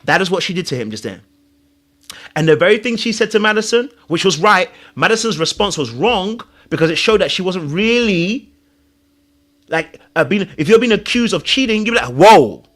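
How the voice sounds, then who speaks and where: A man hosting a reality-show reaction video, talking excitedly, laughing and breaking into imitations as he comments. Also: high voice, moderate pace. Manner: excitable, laughs, mimics voices mid-sentence.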